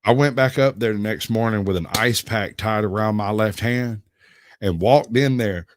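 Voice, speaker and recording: A man's voice: lowish voice, moderate pace, a little hiss or hum. A man hosting a livestream, telling rambling stories and giggling often as he goes. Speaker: livestream host. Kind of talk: casual storytelling chat.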